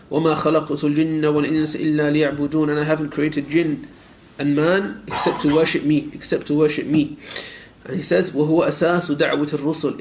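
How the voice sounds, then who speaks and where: A man teaching a lecture class on a creed text. He questions his students directly, repeats phrases for emphasis and recites Arabic verses quickly. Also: a little high, a little mellow, a little hiss or hum. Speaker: Islamic teacher.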